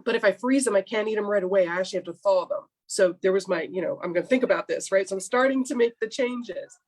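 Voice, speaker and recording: A middle-aged woman, a coaching client, telling her story candidly in an interview and acting out her own past remarks with lively energy. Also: mid-range voice, quick pace.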